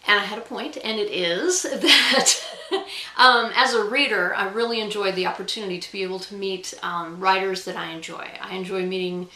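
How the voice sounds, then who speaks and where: A woman's voice: mid-range voice, steady tone, moderate pace, bright, forceful tone, reverberant, poor audio. A woman author talking casually straight to camera in a chatty, self-deprecating way, with frequent ums. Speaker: author and guest vlogger.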